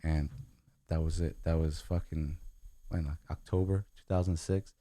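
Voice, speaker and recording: A man's voice: rumbling low, steady tone, moderate pace, dark tone, dry recording. A young man raised in Guatemala and the United States, a podcast guest talking earnestly in casual chat and often saying "man".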